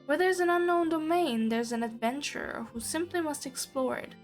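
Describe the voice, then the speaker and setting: Woman reading as a pompous noble gentleman. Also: high voice, moderate pace, soft background music, natural voice. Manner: flowery, formal and condescending. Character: pompous, elegant male city noble.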